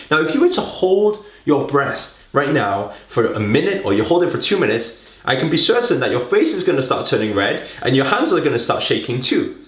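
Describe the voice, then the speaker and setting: Animated man coaching, echoey room. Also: fairly high pitch. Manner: coaxing, fills talk with rhetorical questions and "right?". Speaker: public speaking coach. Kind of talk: direct-to-camera teaching.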